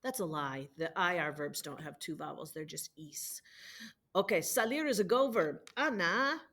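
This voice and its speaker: A woman's voice: on the low side, lively intonation, normal speed, a bit bright. Woman, language teacher, patient, repeats forms aloud, homework walkthrough, computer mic. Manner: patient, drilling conjugations aloud. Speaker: Spanish teacher.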